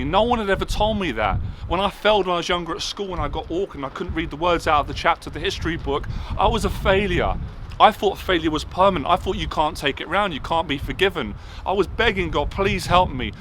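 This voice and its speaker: A man's voice: on the high side, a bit bright, poor audio. A man giving an impassioned motivational monologue outdoors on a city rooftop, hammering home short repeated declarations. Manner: emphatic, repetitive declarations. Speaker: motivational speaker. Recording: outdoor traffic noise behind.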